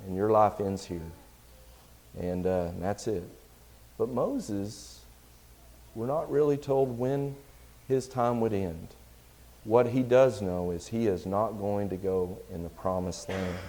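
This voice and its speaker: A man's voice: on the low side, darkish tone. A man, a church deacon, preaching a sermon in a conversational way and reading scripture aloud with growing force.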